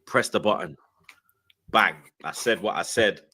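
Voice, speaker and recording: A young man with a London accent tells an animated story, full of slang, acting out the voices of the people in it. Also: fairly low pitch, unhurried. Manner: lively, slang-heavy, acts out quoted voices. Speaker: guest.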